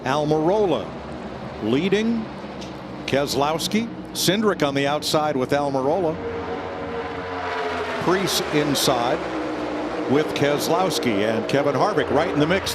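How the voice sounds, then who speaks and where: A man calling a car race play-by-play in quick clipped phrases. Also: on the high side, animated. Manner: brisk, names drivers in quick clipped phrases. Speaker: play-by-play announcer. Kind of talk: race commentary. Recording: loud race car engine noise behind.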